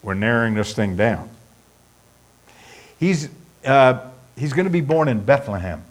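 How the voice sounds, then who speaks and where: A man's voice: medium pitch, lively intonation, unhurried. A man preaching a sermon, emphatic and repetitive, speeding up as he lists points. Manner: emphatic, repeats points for stress, speeds up when listing. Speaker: pastor.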